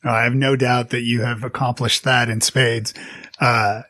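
A man's voice: mid-range voice, level tone, normal speed, sharp tone. A man hosting an interview, asking rambling questions full of fillers. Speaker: host. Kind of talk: conversational interview.

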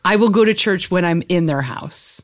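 A woman comedian as a guest, telling animated, rambling stories full of fillers in a casual interview. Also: lowish voice, moderate pace.

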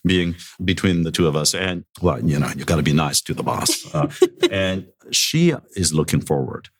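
A middle-aged man with an extremely low, deep voice speaks as a university president in a podcast interview. He is good-humored and self-deprecating, slipping chuckles between his remarks, and talks into a podcast microphone. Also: lively intonation, moderate pace.

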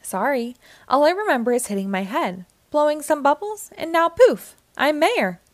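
A woman voicing a cheerful, naive male cartoon sea sponge in a high, excitable voice for a storybook. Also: moderate pace, dry recording. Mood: bright, eager.

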